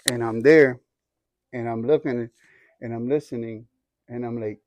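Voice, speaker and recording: A man's voice: mid-range voice, steady tone, measured pace, darkish tone, no room sound, muffled recording. A man in his forties sharing his testimony in casual storytelling, using slang and acting out the other voices in his story. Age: 40s. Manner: streetwise slang.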